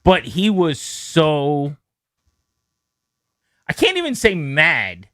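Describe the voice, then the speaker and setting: A man hosting a sports radio show, telling a story in a lively, animated way and acting out the quotes in it. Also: on the high side, very slow, no echo, studio quality. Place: radio studio. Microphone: studio mic.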